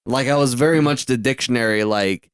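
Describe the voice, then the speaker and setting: Podcast host guy from the south, rambly, swears a bit, crisp voice, dead dry sound. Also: medium pitch, fairly quick, no room sound. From southern United States. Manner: rambling, self-correcting, swears casually. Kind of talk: casual podcast chat.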